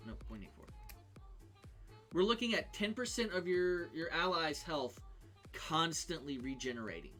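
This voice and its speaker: With lively intonation and a bright, forward, slightly high voice, a man on a live stream casually walks through a game character build. He thinks aloud, pausing on ums and restarting sentences, while faint music plays underneath.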